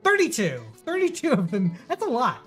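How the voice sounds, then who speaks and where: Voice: medium pitch, huge pitch swings, normal speed, fairly bright tone, breathy edge, faint music behind. A playful, theatrical host running comedic game show banter. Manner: playful, theatrical, lots of fillers.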